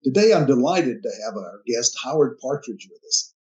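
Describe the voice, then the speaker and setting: A man's voice: mid-range voice, big pitch swings, normal speed, mellow. A man hosting a business podcast, introducing his guest and prompting him in a friendly way. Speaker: podcast host. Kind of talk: interview hosting. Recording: dull lo-fi sound.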